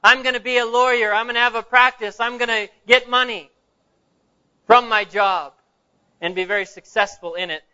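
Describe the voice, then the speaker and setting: An eager, boastful teenage graduate, as a male preacher puts him on in a story, reeling off plans one after another. The voice sits high and bright. The recording is dull and lo-fi. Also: steady tone, moderate pace, smooth, full character voice.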